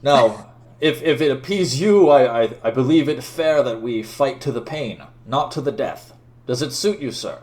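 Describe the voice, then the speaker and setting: A man voicing a haughty, stern male knight who speaks slowly and formally in a tabletop game. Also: medium pitch, darkish tone, pitched above the performer's own voice, natural voice. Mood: formal challenge. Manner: formal, slow and commanding.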